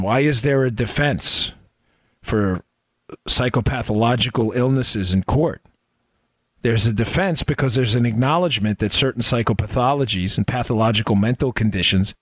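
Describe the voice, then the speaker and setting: A man's voice: mid-range voice, dry recording. A man delivers a fiery political monologue as a talk show host, pressing his points with repeated, mocking questions. His voice sits in an ordinary middle range. The sound is dry and close, with no room around it.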